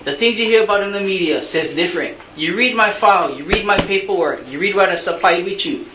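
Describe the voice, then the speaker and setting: A man's voice: high-pitched, brisk. A man with a Hawaiian Pidgin-tinged accent giving angry, blunt public testimony at a meeting, pleading to be heard. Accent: Hawaiian Pidgin-tinged English. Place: large meeting room. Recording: echoey meeting room, faint hiss.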